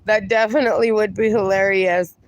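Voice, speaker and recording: A woman livestreaming in a casual, chatty way, talking to her dogs and to her viewers, her voice going hoarse. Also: medium pitch, steady tone, brisk, dry recording. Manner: chatty, talks to her dogs and reads viewer comments aloud.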